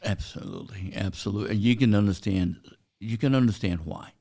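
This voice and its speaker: As a guest in a relaxed interview, an older man originally from China, and a native Chinese speaker, relates anecdotes in a dark, deep, gravelly voice. His delivery is slow and halting, punctuated by many "uh" fillers.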